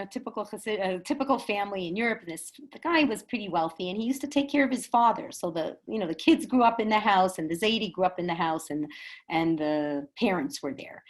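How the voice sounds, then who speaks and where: A woman teaching an online Torah class over a video call, telling stories in an animated, chatty way and asking rhetorical questions. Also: mid-range voice, poor audio.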